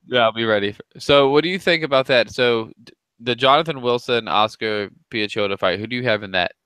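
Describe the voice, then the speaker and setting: A man co-hosting a casual sports chat, chatty and quick to laugh at himself. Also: medium pitch, pushed and bright, clean tone, no echo. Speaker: podcast co-host.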